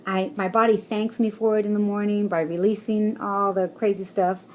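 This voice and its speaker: A woman's voice: medium pitch, little pitch movement, moderate pace, slight background noise. A woman talking casually to her viewers in a personal vlog, rambling and encouraging, with many fillers. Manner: chatty, rambling, with fillers and soft laughs; encouraging, speaks to viewers directly. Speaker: vlogger.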